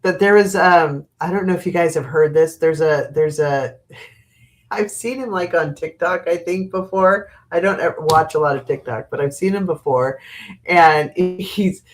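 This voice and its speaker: A woman's voice: fairly low pitch, normal speed. A middle-aged woman hosting a live tarot reading, chatty and laughing often, with casual swearing.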